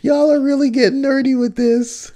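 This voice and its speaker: A man's voice: very high-pitched, level tone, moderate pace, dark tone. A young man streaming casually, teasing and arguing with plenty of swearing. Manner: profane, teasing, argumentative. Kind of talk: casual live-stream chat.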